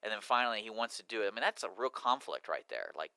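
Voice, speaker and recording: A man's voice: lowish voice, fast, creaky, no room sound, poor audio. A young man co-hosting a casual movie review show, animatedly acting out scenes as he retells them. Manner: animated, acts out dialogue while retelling scenes. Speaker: podcast co-host.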